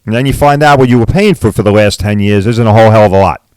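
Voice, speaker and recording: In a lowish, slightly mellow, smooth voice, a middle-aged Long Island body shop owner rants quickly and bluntly while hosting his podcast, saying "all right" and "right?" again and again. The recording is dry.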